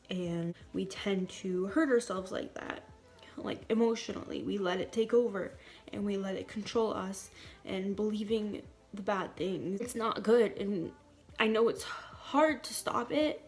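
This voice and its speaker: A young woman talking straight to her viewers in an emotional personal vlog, earnest and close to tears, pausing and restarting as she goes. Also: mid-range voice. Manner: tearful, earnest, halting with pauses and restarts. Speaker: vlogger.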